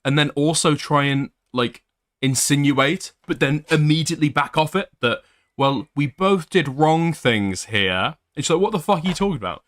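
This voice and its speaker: A young man hosting casual online commentary, blunt in manner and quick to swear. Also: fairly high pitch, animated, fairly bright tone. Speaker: commentary host.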